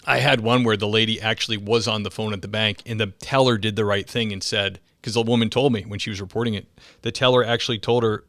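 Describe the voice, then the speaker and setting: A man's voice: fairly low pitch, fast talker, no echo, studio quality. A man who hosts a podcast and works as a police officer, telling stories casually and acting out the quoted voices. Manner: animated storyteller, acts out quotes.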